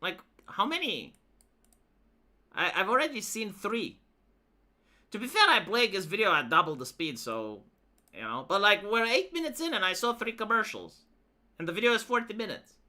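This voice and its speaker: A woman's voice: medium pitch, very animated, moderate pace, pauses often, bright, forceful tone. A woman streamer giving casual reaction commentary, ranting and swearing as she talks to her chat. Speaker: live streamer reacting to videos.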